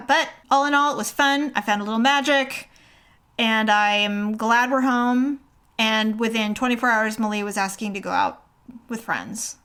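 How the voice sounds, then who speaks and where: A middle-aged woman with a somewhat high voice, co-hosting a relaxed podcast chat. She tells stories in an animated way and slips into the voices of the people she quotes. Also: normal speed, clear, resonant tone. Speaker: podcast co-host. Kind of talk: casual chat.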